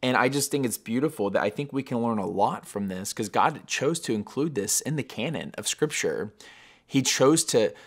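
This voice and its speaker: A man hosting a daily devotional podcast, speaking in an earnest, reflective way that turns emotional at times. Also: mid-range voice.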